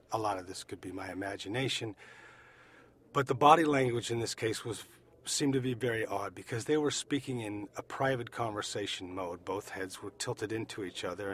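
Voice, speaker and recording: An American man recounting his own experience as an eyewitness, speaking deliberately and repeating phrases for emphasis. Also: on the low side, a bit bright, slight background noise. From United States. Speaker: eyewitness survivor. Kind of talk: personal testimony.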